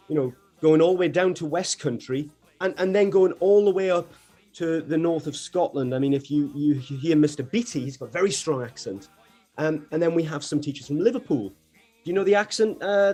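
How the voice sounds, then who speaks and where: A man's voice: on the high side, dark tone. A man hosting a school radio show in chatty, casual talk with frequent restarts. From North East England. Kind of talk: casual live chat.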